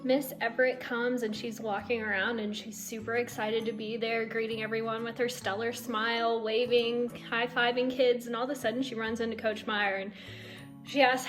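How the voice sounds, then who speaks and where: A woman with a fairly high voice tells students a lively first-day-of-school story, voicing the quotes as she goes. Her delivery is upbeat and brisk. Faint music plays behind her. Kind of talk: casual spoken storytelling.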